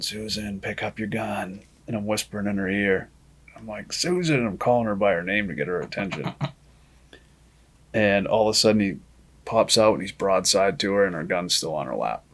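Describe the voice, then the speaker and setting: Podcast guest, man, lowish voice, animated yarn-spinner who acts out dialogue. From Maine. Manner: lively storyteller who acts out quoted dialogue. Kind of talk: casual storytelling.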